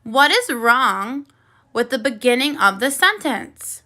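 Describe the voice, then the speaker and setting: A woman teaching first graders on video, with a high, very bright voice. She speaks slowly and clearly and keeps encouraging the children as she goes. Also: sing-song. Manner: slow, clear, encouraging classroom delivery. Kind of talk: video phonics lesson for children.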